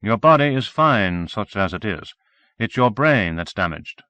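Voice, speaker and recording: A man doing a brisk, raised-voice doctor. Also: lowish voice, very animated, pushed and bright, no echo, exaggerated voice. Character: brisk male doctor, matter-of-fact.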